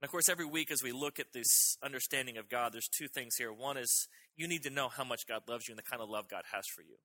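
Quick-paced and medium-pitched, this middle-aged pastor's voice sounds pushed and bright as he presses the same points again and again, rising in intensity on the phrases that matter most.

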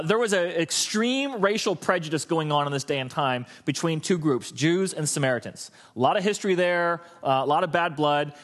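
A middle-aged man preaching a sermon as pastor, telling stories in an animated way and acting out the quoted lines. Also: fairly high pitch.

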